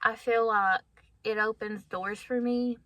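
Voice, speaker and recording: Bright-voiced woman in her thirties, chatty. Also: on the high side, fairly even intonation, measured pace, dry recording. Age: 30s. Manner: candid and chatty, laughs often, addresses viewers as guys. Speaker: vlogger. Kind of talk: casual personal storytelling.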